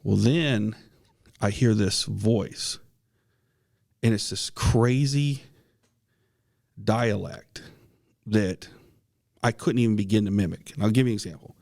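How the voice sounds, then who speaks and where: A man's voice: on the low side, slow pace, creaky, pauses often, a little mellow. A man co-hosting a podcast, telling a personal ghost story in a casual, earnest way, with many restarts and the odd cough. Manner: coughs now and then. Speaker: podcast co-host.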